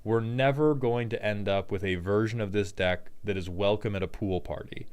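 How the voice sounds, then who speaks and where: A man hosting a relaxed card game deck breakdown, cracking jokes and dropping profane asides as he rambles. His voice sits on the lower side and comes through smooth and clean. He talks like he's chatting with friends. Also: moderate pace. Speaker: host.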